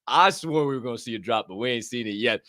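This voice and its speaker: A young American man hosting a casual crypto news show, joking and swearing, his voice jumping in bursts of excitement. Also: mid-range voice, fast talker, dry recording, clean studio sound. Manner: animated, profane, jokey, bursts of shouting. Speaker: podcast host.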